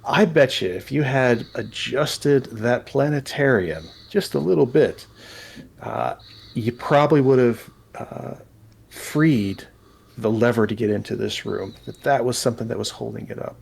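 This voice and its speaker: A man's voice: mid-range voice, a little slow, gravelly, darkish tone, breathy edge. A man narrating a tabletop game as game master, rambling with frequent restarts. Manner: rambling, many restarts and fillers.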